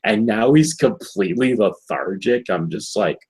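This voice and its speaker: A man's voice: on the low side, expressive, unhurried, a little mellow, husky, poor audio. A man on a casual review podcast, talking in a laid-back, hesitant way with lots of fillers. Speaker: podcast co-host reviewing a cartoon episode. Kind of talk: casual chat.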